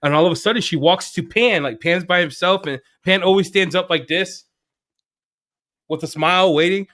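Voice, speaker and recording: Brief: male co-host, fairly high voice, lively joking storyteller on a casual stream. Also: moderate pace. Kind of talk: casual livestream chat.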